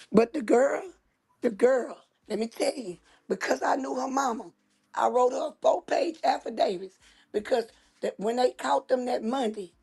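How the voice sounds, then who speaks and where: A woman host with a high, breathy, somewhat dark voice and some vocal fry tells a story in casual chat. She retells it emphatically and dramatically, repeating phrases for effect.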